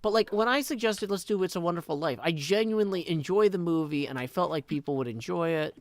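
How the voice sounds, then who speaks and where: A man hosting a casual livestream, talking in a halting way full of ums and likes and cheerfully reading out viewer tips. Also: fairly high pitch, slight background noise. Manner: reads viewer tips aloud, upbeat. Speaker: livestream host.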